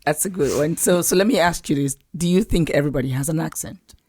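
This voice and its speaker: A woman's voice: low-pitched, quick pace, a little mellow, slightly rough. A woman from Cameroon with a Cameroonian accent, talking earnestly as a podcast guest in a casual interview.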